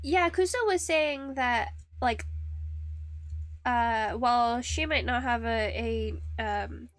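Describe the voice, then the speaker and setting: A young woman streamer chatting casually while she carves wood, rambling and laughing often, with a high-pitched voice. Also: slow pace, no room sound. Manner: rambling, with restarts and frequent laughs. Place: home streaming setup.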